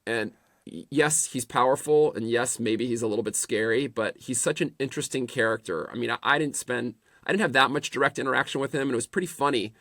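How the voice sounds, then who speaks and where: A middle-aged man spins animated stories as a podcast guest, doubling back and restarting his phrases as he goes. His voice sits in a middle range and is recorded close and dry, with no room sound. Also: mid-range voice, quick pace, no room sound. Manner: animated anecdotes with repeated restarts. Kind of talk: casual storytelling interview.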